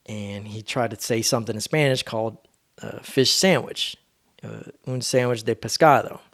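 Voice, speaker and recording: A man's voice: mid-range voice, normal speed, fairly bright tone. Rambling laid-back man, solo podcast. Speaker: podcast host. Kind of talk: casual solo monologue.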